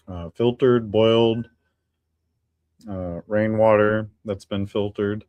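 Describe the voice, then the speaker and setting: Laid-back guy with a lowish voice chatting on his stream, rambly, lots of uh's, dry close sound. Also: steady tone, slow, long pauses, a little mellow, no room sound. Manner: rambling, easygoing, frequent uh fillers and chuckles. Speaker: livestream host. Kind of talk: casual solo livestream chat.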